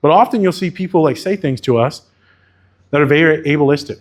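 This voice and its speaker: A man's voice: fairly high pitch, brisk. A man giving a conference keynote as a therapist, talking candidly and casually and swearing freely. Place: conference venue.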